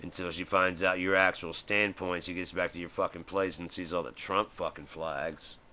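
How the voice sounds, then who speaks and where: A man's voice: low voice, steady tone, normal speed, pushed and bright, a little hiss or hum. A man, middle-aged, hosting a live stream and ranting in a heated, profane way, acting out the voices he quotes. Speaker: host.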